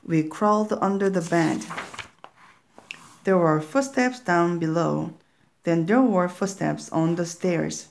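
A woman narrating a children's story slowly and clearly, as a reading for learners. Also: lowish voice, a little mellow. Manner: slow, clear, deliberate.

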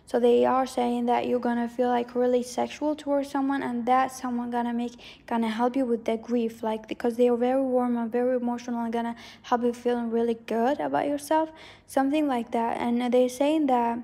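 A woman gives a loose, wandering tarot reading, circling back to repeat her points and hedging as she goes. Her voice sits a little high, with a mellow, dark tone and plenty of vocal fry. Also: flat delivery, a little fast. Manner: rambling, hedging, repeats herself. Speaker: tarot reader. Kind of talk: casual psychic tarot reading.

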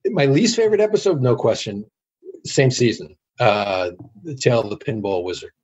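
A middle-aged man, guest on an interview show, telling anecdotes in a casual, animated way. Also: mid-range voice, normal speed, slightly rough. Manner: animated anecdotes with acted quotes.

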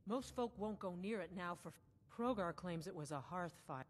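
A woman's voice: fairly low pitch, lively intonation, normal speed, lightly acted. A woman voicing a folksy innkeeper in a fantasy game who passes on town gossip. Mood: chatty.

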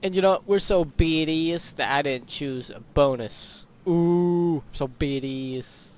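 A man's voice: on the high side, unhurried, darkish tone. A teenage boy giving rambling, goofy commentary over a game he is playing, with silly sound effects. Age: teens. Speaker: gaming YouTuber. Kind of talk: casual gameplay commentary.

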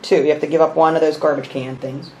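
A man's voice: on the high side, flat delivery, fast. Man thinking aloud over a board game. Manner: thinks aloud, counting pieces and muttering rules. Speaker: host. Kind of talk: explaining a board game while playing. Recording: roomy room with faint noise.

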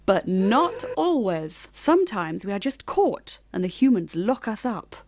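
A woman voicing an old, gentle and wise male bear in a cartoon dub, talking slowly and earnestly. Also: mid-range voice, very animated, dry recording, clean studio sound. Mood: grave.

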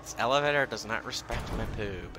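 A man ranting and swearing through profane gameplay commentary, often shouting a catchphrase. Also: mid-range voice, expressive, brisk. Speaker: gameplay streamer. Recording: loud game noise underneath.

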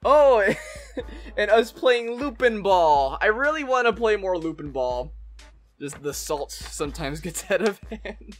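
A man in his twenties opening fan mail on his channel, expressive, laughing often and swinging from excited squeals to soft, touched tones. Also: high-pitched, a little slow, soft background music. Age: 20s. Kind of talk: casual fan-mail reading.

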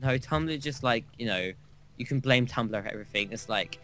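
A man's voice: medium pitch, animated, moderate pace, a bit bright, soft background music. A man co-hosting a game playthrough, telling a long, crude anecdote in a rambling, casual way. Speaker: gaming co-host. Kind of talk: casual gameplay chat.

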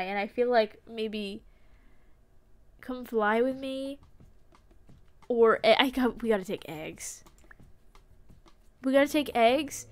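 A playful woman with a high voice chats through a live game stream in an unhurried way. She giggles easily and slips into silly voices for the characters, with soft game music behind her. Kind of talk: live gameplay commentary.

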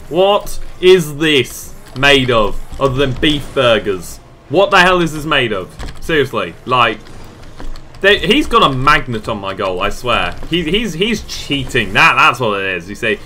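A man commenting on his own match as a gaming channel host, excitable and self-mocking, often shouting and groaning at the game. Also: a little high, takes it slowly, slight background noise. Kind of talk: let's play commentary.

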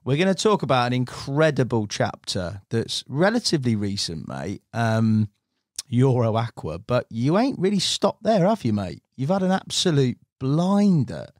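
A man's voice: medium pitch, big pitch swings, normal speed, dry recording, clean studio sound. A man from England hosting a podcast, chatting in a joking, matey way. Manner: matey, jokey, lots of "mate". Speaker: podcast host. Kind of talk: casual podcast chat. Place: podcast studio.

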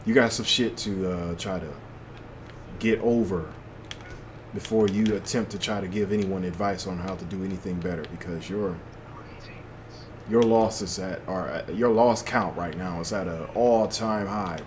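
A man's voice: low voice, normal speed, a little hiss or hum. A young man giving loose, slangy commentary to himself while playing a shooter game. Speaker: gaming channel host. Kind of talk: casual gameplay commentary.

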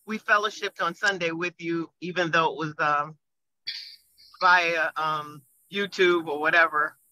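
A woman calling in from a car on the highway, telling an emotional church testimony in an animated way and laughing often as she goes. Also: unhurried, poor audio. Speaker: church member giving a testimony.

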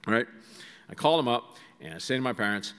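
A man telling funny stories to a live audience in a large auditorium, animated and full of asides. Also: medium pitch, brisk, clean tone. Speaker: guest speaker. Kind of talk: comic storytelling to a live audience. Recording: reverberant hall sound.

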